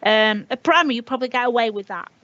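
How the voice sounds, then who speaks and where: A woman teacher with a Leeds accent, in her fifties, talks in a chatty, rambling way with lots of restarts. Her voice sits fairly high. The audio is a bit dull and lo-fi. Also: fast talker, a bit bright. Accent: northern English, Leeds. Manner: chatty, anecdotal, many restarts. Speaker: language teacher. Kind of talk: webinar talk.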